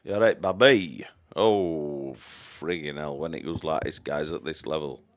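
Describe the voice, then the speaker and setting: A man's voice: a bass voice, measured pace. A man giving chatty live-stream commentary on a pool match, greeting viewers by name and trailing off into mumbled asides.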